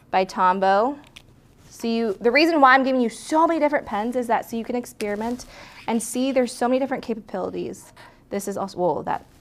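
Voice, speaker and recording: Woman walking you thru a lettering tutorial, chatty and upbeat, keeps restarting sentences. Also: fairly high pitch. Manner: chatty, encouraging, self-correcting as she demonstrates. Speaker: lettering instructor. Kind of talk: casual hands-on tutorial.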